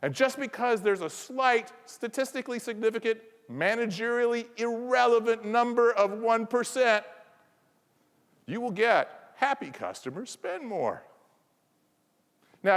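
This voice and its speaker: Man joking on stage in echoing hall. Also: sits high. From American South. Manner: playful, teasing the audience. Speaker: conference presenter. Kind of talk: keynote talk. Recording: reverberant conference hall.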